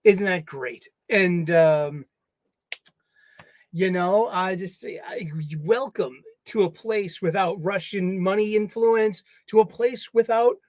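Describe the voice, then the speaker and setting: A man's voice: sits high, slow, a little mellow, dry recording. A man hosting his own casual solo livestream from a home studio, playful and jokey, chatting to the stuffed animals around him. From United States. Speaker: livestream host.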